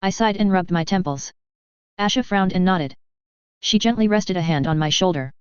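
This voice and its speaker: A woman reading fan fiction aloud in a steady, plain storytelling manner, on a dull lo-fi recording. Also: lowish voice, normal speed, smooth, no room sound. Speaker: reader.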